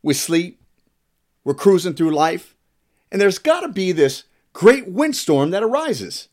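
A man delivers a sermon with an animated, swooping voice that sits a little high for a man. He reads scripture aloud and adds emphatic, playful asides between the verses. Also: unhurried. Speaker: preacher.

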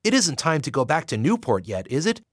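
Man playing a friendly young guy, easygoing, a bit higher. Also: huge pitch swings, a little fast, husky, no echo, studio quality, exaggerated voice. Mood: cheerful.

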